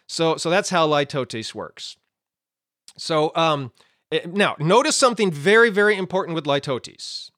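A man's voice: high-pitched, fairly bright tone, no echo, studio quality. A man teaching the Bible in a conversational way, explaining with everyday examples and often checking in with his listeners.

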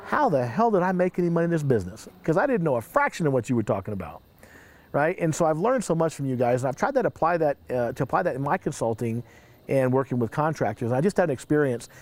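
A man's voice: medium pitch, big pitch swings, fast talker, darkish tone. Chatty man hosting a panel. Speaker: host. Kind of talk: casual panel talk.

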